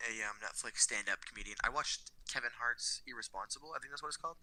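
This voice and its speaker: A man's voice: mid-range voice, fast talker, pushed and bright, rough recording. A young man co-hosting a casual podcast, giving short reactions and laughing easily. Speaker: podcast co-host. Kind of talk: casual chat.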